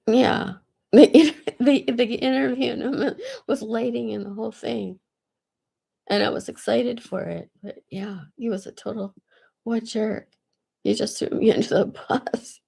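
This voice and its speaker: A woman vlogger tells a long personal story in a loose, rambling way. Her voice is on the high side, creaky, husky and a little mellow. She laughs often, trails off and restarts, and fills with "like" a lot.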